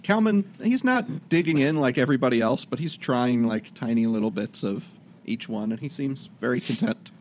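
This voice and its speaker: A man narrating a tabletop game as game master, describing scenes with frequent hesitant pauses. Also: medium pitch, expressive, a little mellow, slight background noise.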